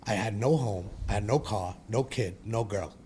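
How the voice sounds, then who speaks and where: A man's voice: fairly low pitch, moderate pace, dark tone, slight background noise. A man, telling his own story as a podcast guest in a blunt, profane, rambling way. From Brooklyn, New York. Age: 40s. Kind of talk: candid personal storytelling.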